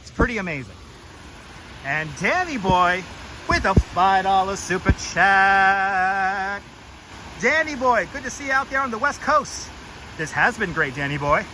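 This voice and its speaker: Walking outdoors through a forest garden, a livestream host chats and jokes with viewers, greeting them and reading sign text aloud. His high, sing-song voice is unhurried and picked up by a wireless clip-on mic against a noisy background.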